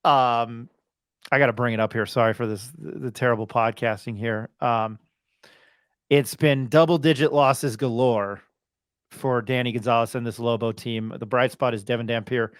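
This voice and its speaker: A man's voice: medium pitch, no room sound, clean studio sound. A man hosting a sports podcast, talking casually with many restarts and reeling off game scores. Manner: rambling, restarts and fillers, reels off scores. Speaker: podcast host.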